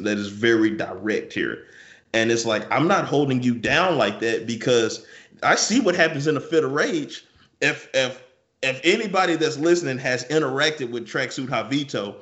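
A man's voice: mid-range voice, a bit bright, roomy sound, highs cut off. A man co-hosting a casual podcast chat, rambling through hypotheticals and repeating his words. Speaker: podcast co-host.

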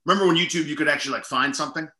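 A man's voice: on the high side, very fast, pushed and bright, reverberant. A middle-aged man, a comedian guest, telling stories in a rambling, self-deprecating way full of "like" and "you know". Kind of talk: casual storytelling interview.

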